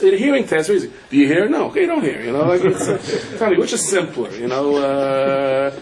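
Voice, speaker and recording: Against a noisy background, a middle-aged rabbi preaches a humorous sermon full of stories. Yiddish and Hebrew words pepper his talk, and he jumps high in pitch to quote people.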